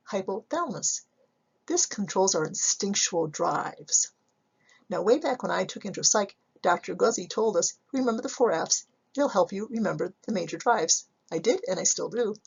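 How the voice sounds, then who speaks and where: Gravelly-voiced woman lecturing. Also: mid-range voice, muffled recording. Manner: measured, explanatory, asks rhetorical questions. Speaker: psychology instructor. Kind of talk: recorded slide lecture.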